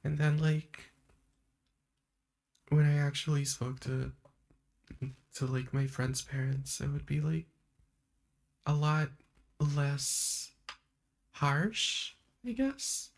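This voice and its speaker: A woman hosting a live stream in a soft-spoken ASMR chat style, talking in a meandering way and laughing often. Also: sits low, slow, long pauses. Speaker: livestream host. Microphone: streaming microphone.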